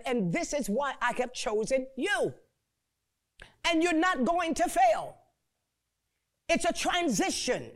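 A woman preacher delivers a fervent sermon in a high, expressive voice. She draws out key words slowly, repeats herself with stammering restarts, uses call-and-response and bursts into prayerful exclamations.

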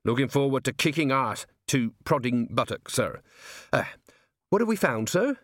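An earnest, polite young watchman who calls everyone sir, played by a man reading aloud. The voice is pushed noticeably higher than the reader's own, eager and bright in manner. The recording is close and dry. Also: very animated, moderate pace, dry recording, natural voice.

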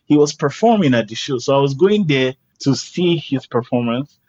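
A man's voice: medium pitch, normal speed. A man, a guest artist, telling a story casually and acting out the people in it. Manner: animated, acts out quoted voices. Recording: dull lo-fi recording.

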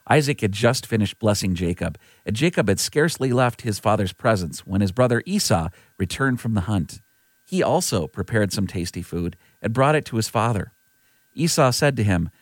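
Man, scripture reading, low pitch, lively melody, dry close recording. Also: no room sound. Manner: earnest, measured. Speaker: scripture reader.

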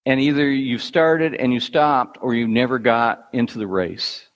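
A middle-aged man preaching a sermon as a pastor, telling a self-deprecating running story in an animated, storytelling way. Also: mid-range voice, a little slow. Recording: long hall reverb.

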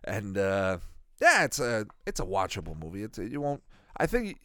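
A man's voice: lowish voice, huge pitch swings, normal speed, a bit bright, no echo, studio quality. A man in his thirties giving rambling, profane, joking commentary while watching a cartoon. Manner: rambling, profane, jokey asides. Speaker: reaction video host.

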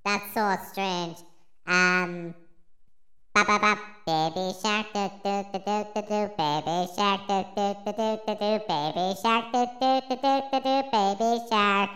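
A man's voice: a little slow, sharp tone, soft background music. An Irish man using a voice changer meant to sound like a baby, with an Irish accent, being silly and singsong. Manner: laughing, silly singing. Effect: voice changer, pitched up.

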